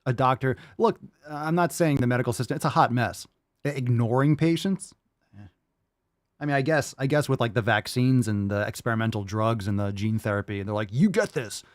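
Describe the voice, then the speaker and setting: A man's voice: mid-range voice, brisk, no echo, studio quality. A man hosting a livestream podcast, reacting to clips with a profane, exasperated rant. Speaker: podcast host.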